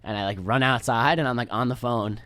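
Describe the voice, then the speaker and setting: Fast-talking young man, casual storytelling. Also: mid-range voice, pushed and bright, no echo. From New York. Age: young adult. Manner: rambling, laid-back, swears freely and mimics others. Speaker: podcast guest.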